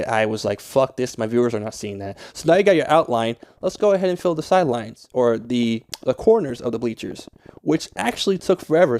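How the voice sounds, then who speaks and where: Casual and rambling, a young man voices a Minecraft gameplay tutorial in a mid-range, slightly mellow voice. He swears frequently and gets annoyed without much provocation.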